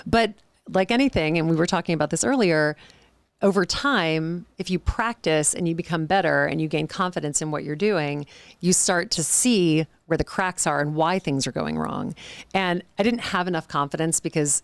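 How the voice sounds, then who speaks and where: A woman in her forties, a charity auctioneer, telling lively, self-deprecating stories in a podcast interview. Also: deep voice, moderate pace, no room sound.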